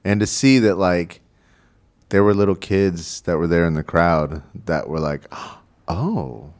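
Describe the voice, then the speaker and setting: Deep voice, man, radio host, casual chat, laughing, studio mic. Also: steady tone, normal speed, a little mellow. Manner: chatty, laughing, many fillers.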